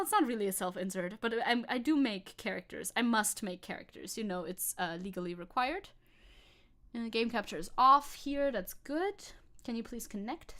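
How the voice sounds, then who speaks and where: A woman's voice: fairly high pitch, fairly bright tone. Giggly young woman chatting on stream. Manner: giggly, rambling, reads chat aloud. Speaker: VTuber streamer. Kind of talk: casual live-stream chat.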